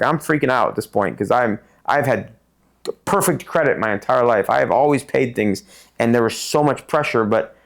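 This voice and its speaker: Middle-aged guy from tucson, gravelly voice, acts out the people in his stories. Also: medium pitch. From Tucson, Arizona. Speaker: podcast guest. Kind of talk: casual storytelling interview.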